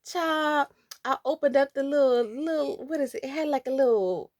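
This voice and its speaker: A young woman, casually telling a childhood story in a playful, animated way, talking straight to her viewers. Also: sits high, moderate pace, no room sound, studio quality.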